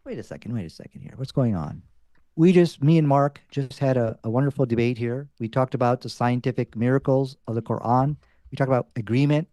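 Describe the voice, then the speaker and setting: A man's voice: mid-range voice, fairly quick, warm tone, dry recording, clean studio sound. A man arguing his side in a debate, insistent and assertive. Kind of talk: debate argument.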